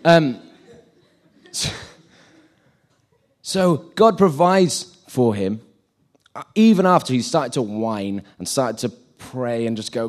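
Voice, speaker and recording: A man's voice: mid-range voice, lively intonation, slow pace, long pauses. A man giving an informal sermon, chatty and self-deprecating, acting out the scenes he retells.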